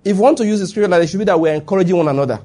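A man delivers a sermon to a congregation in front of him. His voice sits a little high and sounds husky, and he presses each point hard, repeating himself and asking again and again whether his listeners understand. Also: very fast, mellow. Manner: emphatic, checks in with listeners. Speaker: preacher. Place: before a live congregation.

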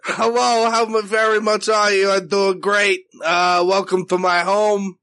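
A man putting on a high, cheery mom voice. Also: flat delivery, measured pace, bright, forceful tone, heavily acted. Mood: sweet. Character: a player's cheery middle-aged mother. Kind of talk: comic tabletop voice acting.

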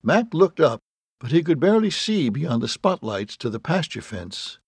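A man narrating an audiobook with wry, deadpan storytelling and a gravelly, husky voice. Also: on the high side, moderate pace, dry recording, clean studio sound. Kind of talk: scripted narration.

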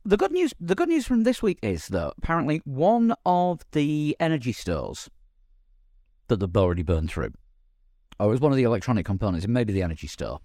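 Lively wry English man, dry mic. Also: mid-range voice, a little fast, no echo. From England. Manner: wry, lively, laughs easily. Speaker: podcast co-host. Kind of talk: casual chat.

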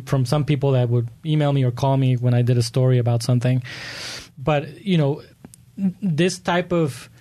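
A man running for local office, telling stories earnestly with frequent restarts in an interview. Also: a little high. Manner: earnest, animated storytelling with many restarts. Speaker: political candidate. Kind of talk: conversational interview answers.

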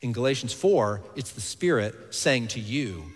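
A man's voice: mid-range voice, measured pace, slightly rough. Man preaching with hall reverb. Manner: earnest, animated preaching, dropping to quiet intensity. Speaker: pastor. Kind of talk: sermon.

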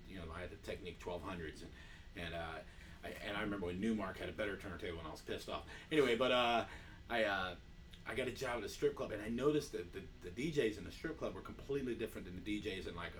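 A man's voice: deep voice, fast, recorded from a distance, slight background noise. A man, a comedian guest, telling profane rambling stories in casual chat. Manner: rambling profane storytelling with many fillers.

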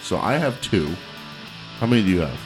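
A man's voice: deep voice, a little fast, over music. A male podcast host telling profane stories in casual chat, laughing as he goes. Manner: profane, animated, laughs between lines. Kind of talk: casual crude storytelling.

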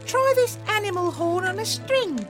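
Chirpy old shopkeeper woman, played by a man, very high shrill voice, music underneath. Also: big pitch swings, normal speed. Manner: chirpy, chatty, calls everyone dear.

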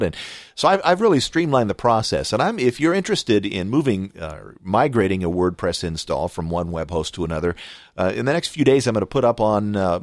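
A middle-aged man with a Southern California accent hosts a podcast, his fairly low voice recorded at studio quality with no echo. He chats casually about personal things and does ad reads, rambling in a folksy way with plenty of restarts.

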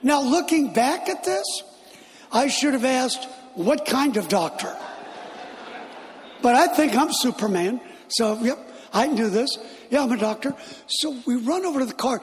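Middle-aged male guest preacher, very high voice, animated storyteller, hall reverb. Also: measured pace, a little hiss or hum. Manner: animated, laughing as he tells it. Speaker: guest speaker. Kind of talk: storytelling sermon.

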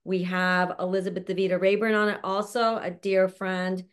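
A woman's voice: mid-range voice, flat delivery, moderate pace, clean tone. A woman hosting an online panel over a video call, introducing guests in a chatty, affectionate way and laughing often. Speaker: show host introducing a panel. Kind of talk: casual chat.

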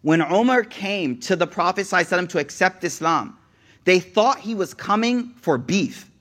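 A young man giving a casual sermon, an animated, digressive storyteller who talks straight to the audience. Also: sits high, fairly quick. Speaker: preacher.

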